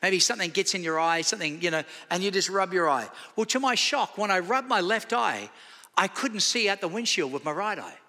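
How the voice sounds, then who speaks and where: A man's voice: sits high, brisk, big-room sound. An Australian man in his fifties preaching a sermon, telling stories with acted dialogue. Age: 50s. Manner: storytelling with acted dialogue, animated. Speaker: pastor. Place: church sanctuary.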